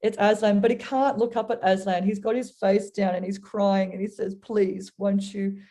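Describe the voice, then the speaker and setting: Woman guest, warm mellow tone, earnest storyteller sharing a reflection on faith. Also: mid-range voice, steady tone, a little fast. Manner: earnest, storytelling, acts out voices. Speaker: guest speaker.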